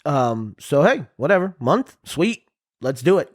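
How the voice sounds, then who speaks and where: Relaxed man with a higher voice. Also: measured pace, slightly rough. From Palestinian family. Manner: relaxed, filler-heavy, says "right?" often. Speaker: podcast co-host. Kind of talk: casual storytelling chat.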